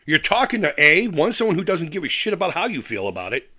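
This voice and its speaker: A man's voice: on the high side, sing-song, fast talker, bright, forceful tone. A middle-aged man hosting a live chat stream, reading comments aloud and ranting with heavy profanity and frequent laughs. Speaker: livestream host.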